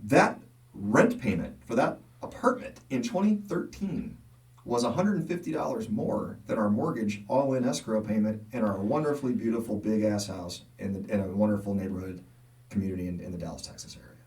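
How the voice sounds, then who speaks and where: A man's voice: lowish voice, fairly quick, distant mic. A middle-aged man co-hosting a casual local podcast, telling stories with quoted dialogue and frequent laughs. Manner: animated storyteller, laughs often, acts out quotes. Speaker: podcast co-host. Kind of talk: casual chat.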